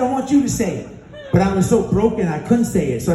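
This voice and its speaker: High-voiced man giving an energetic motivational speech. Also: quick pace. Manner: energetic storytelling, acting out dialogue, chanting call-and-response. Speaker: keynote speaker. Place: large conference hall on stage. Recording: echoey hall with music.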